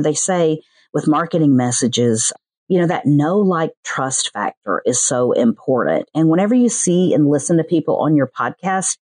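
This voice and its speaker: A woman's voice: low-pitched, breathy edge, dry recording. Chatty Southern woman, dry close sound. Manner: chatty, animated, mimics other people's voices in quick asides. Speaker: podcast producer. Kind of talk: casual interview chat.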